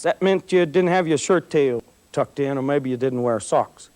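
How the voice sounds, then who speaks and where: A man's voice: mid-range voice, moderate pace, darkish tone. A man giving a folksy, emphatic talk to students at a school assembly, repeating phrases for effect. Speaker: motivational speaker to students.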